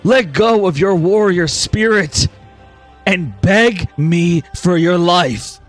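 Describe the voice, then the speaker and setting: A man's voice: mid-range voice, takes it slowly, soft background music. A man voicing a centuries-old male mentor who loved his student like a daughter, pleading and stern in broken phrases. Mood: anguished pleading.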